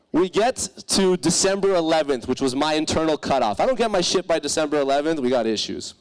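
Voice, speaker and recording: A young man, a startup founder, telling a comic failure story on stage at a live event, animated and profane, acting out the voices of people he quotes. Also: medium pitch, clear, resonant tone, rough recording.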